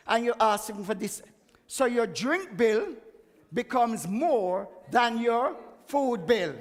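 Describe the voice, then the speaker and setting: High-voiced man in echoey hall. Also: unhurried. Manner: chatty, emphatic, laughs at himself. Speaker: guest speaker on health. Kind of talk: church health talk. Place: church hall.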